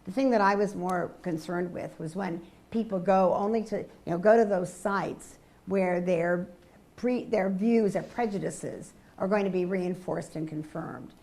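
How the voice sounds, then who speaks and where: An older woman answering audience questions at a public lecture, measured and thoughtful, often affirming with quiet yeahs. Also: on the low side. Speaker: guest lecturer.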